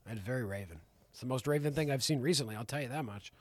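A man's voice: medium pitch, quick pace, no room sound. A man co-hosting a casual film podcast, joking and rambling with frequent swearing. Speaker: podcast co-host.

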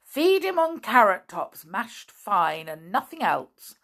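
A woman voicing a bossy, cheerful male animal doctor who is secretly a sham, speaking briskly and with mock gravity. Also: mid-range voice, big pitch swings, gravelly, fairly bright tone, voice pushed up, exaggerated voice. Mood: brisk, mock-grave. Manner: brisk, bossy and gleefully grave.

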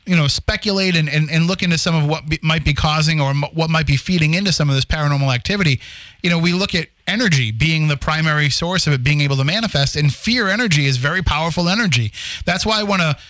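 A man's voice: fairly high pitch, fast talker, a bit bright, no room sound. A man co-hosting a radio talk show, musing aloud with frequent restarts and fillers. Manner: thinks aloud with many restarts and "you know"s. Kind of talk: casual talk radio chat.

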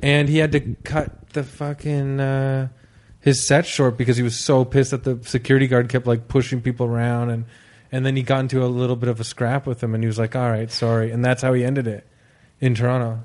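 A man's voice: medium pitch, little pitch movement, a little fast, a little mellow. A man chatting as a podcast guest, geeking out enthusiastically about music he loves. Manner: enthusiastic, self-deprecating fan talk. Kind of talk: casual chat.

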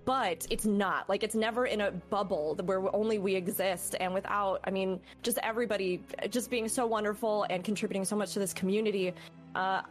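A woman's voice: medium pitch, fairly even intonation, a little fast, soft background music. A woman guest on a casual podcast chat, effusive and earnest, with some teasing. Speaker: podcast guest and content creator.

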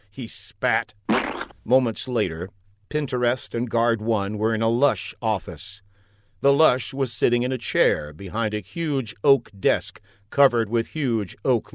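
A man narrating a comic adventure story in a deadpan, playful way. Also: mid-range voice, dry recording, studio quality.

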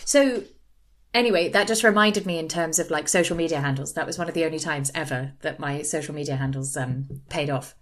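A young British woman on a chatty podcast, her voice sitting a touch low for a woman. She tells long, animated stories in a casual, rambling way, full of asides. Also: brisk. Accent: British English. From Britain. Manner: chatty storyteller, lively and animated. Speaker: podcast co-host. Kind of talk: casual chat.

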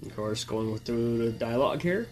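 Faint music plays behind this movie watch-along host as he chats casually through a film, musing aloud between bites of popcorn. He speaks at a normal pace in an animated, medium-pitched voice with a slightly mellow tone.

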